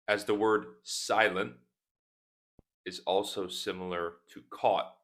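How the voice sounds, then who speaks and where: A male English teacher talks to the camera from his desk at an unhurried crawl, each word set apart. His voice sits on the low side. He keeps stopping to repeat single words so learners can catch the pronunciation. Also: steady tone, a bit bright. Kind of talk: slow, deliberate teaching talk. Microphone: speaking to camera at a desk.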